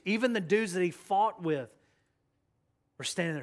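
A young man preaching a sermon as pastor, passionate and urging, dropping to a hushed voice when he tells a story or prays. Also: fairly high pitch, a little fast.

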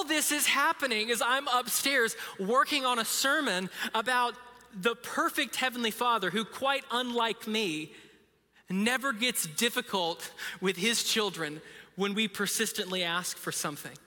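A man's voice: high voice, normal speed, pushed and bright. A man in his thirties preaching a sermon in a casual, storytelling way with self-deprecating humor. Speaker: pastor. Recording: reverberant hall.

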